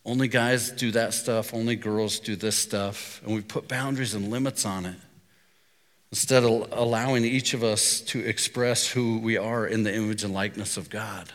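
Bright-voiced man preaching in a reverberant hall. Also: lowish voice, fairly even intonation, moderate pace. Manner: conversational storytelling preacher. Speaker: pastor. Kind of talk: sermon.

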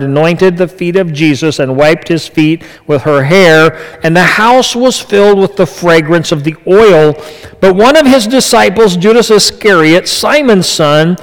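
A pastor giving a conversational sermon to his congregation, moving between quiet asides and emphatic, raised passages. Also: sits high, clean tone, long reverb tail, low-quality recording.

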